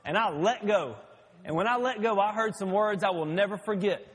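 A man's voice: sits high, normal speed, husky, big-room sound. A man preaching a sermon as pastor, telling stories in a folksy way. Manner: folksy storytelling.

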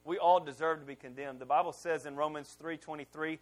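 A middle-aged pastor with a fairly high voice preaches to his church congregation. He talks like he is telling a story to friends, then gets loud and pushes hard on his key points. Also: fairly even intonation, a little fast. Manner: conversational storytelling preacher, rising loud on emphasis. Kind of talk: sermon.

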